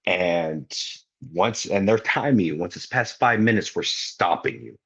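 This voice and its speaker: A man's voice: low-pitched, unhurried, husky, lo-fi sound. A young man, a wrestler guest on a podcast, telling stories in a casual, slangy way and acting out what people said. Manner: animated, slangy storyteller who acts out quotes. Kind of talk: casual storytelling.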